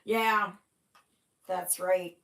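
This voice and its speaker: Slow, yawning woman stitching on a livestream. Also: fairly low pitch, fairly even intonation, vocal fry, a bit bright. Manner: yawning, chatty, trailing off. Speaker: cross-stitch livestream host. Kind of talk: casual chat with live viewers. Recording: echoey room.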